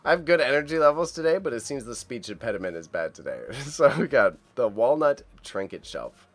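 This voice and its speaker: His mid-range voice swings widely in pitch and moves fairly quickly. He's an upbeat, chatty host on a casual livestream, talking to his chat and reacting to auction items while tripping over hard-to-say names.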